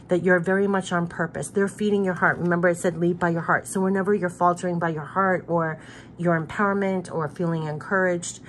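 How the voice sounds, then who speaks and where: A woman's voice: on the low side, slight background noise. A woman reading tarot-style spirit cards, speaking straight to the viewer, encouraging, with many repeated phrases and loose restarts. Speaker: spiritual card reader. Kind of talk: card reading, direct address.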